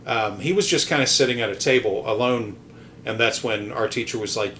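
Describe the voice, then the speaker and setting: A man's voice: mid-range voice, fairly quick, a bit bright, a little hiss or hum. A man hosting a podcast, telling a casual story in a rambling, hesitant way, full of ums and restarts, with some casual swearing. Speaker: podcast host.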